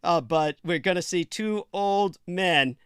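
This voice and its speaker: Smooth, higher-voiced male host. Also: slow, fairly bright tone, no echo, studio quality. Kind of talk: talk show chat.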